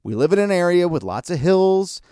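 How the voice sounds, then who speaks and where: A man's voice: high-pitched, sing-song, normal speed, mellow, clean tone, dry recording, clean studio sound. A man hosting a podcast, delivering a blunt, sarcastic talk-radio monologue. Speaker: podcast host.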